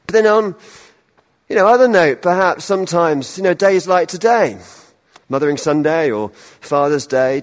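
A male minister delivers a sermon with a loose, conversational feel, mixing humorous self-deprecating asides into the message. His voice sits slightly high for a man. The sound carries a long reverb from a church hall.

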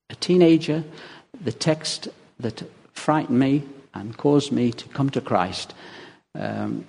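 Gravelly preacher in a reverberant hall. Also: male voice, mid-range voice. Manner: lively anecdotal preaching with chuckles. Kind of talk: sermon. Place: church. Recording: long reverb of a large hall.

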